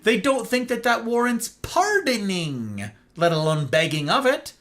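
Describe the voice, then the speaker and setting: An American man hosting a livestream monologue, talking in an animated way and often checking in with "right?" and "okay?". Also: high voice, measured pace. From United States. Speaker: host.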